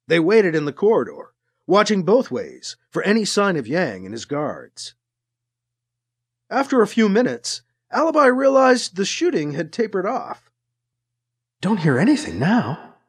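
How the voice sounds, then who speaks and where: Lively audiobook narrator. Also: mid-range voice, moderate pace, husky. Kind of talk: scripted narration.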